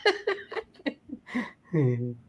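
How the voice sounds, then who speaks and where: Husky and medium-pitched, this speaker drags out words while chatting on a stream and reminiscing. The stories wander loosely and stay lively, full of swearing and frequent laughter.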